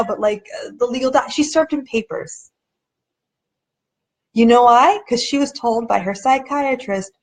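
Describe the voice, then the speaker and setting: A woman with a somewhat high voice hosts a casual live video chat. She speaks earnestly and conversationally, slipping into other people's voices when she quotes them. Now and then she stalls and restarts while searching for a word. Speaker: documentary director hosting a live chat.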